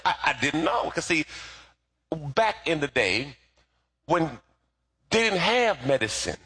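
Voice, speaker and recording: A male pastor preaching with a husky, slightly breathy voice. His pitch swings widely as he jokes and tells stories from the pulpit, calling on the congregation to repeat phrases after him. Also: takes it slowly, long pauses. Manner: lively, joking storyteller preaching. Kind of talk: sermon.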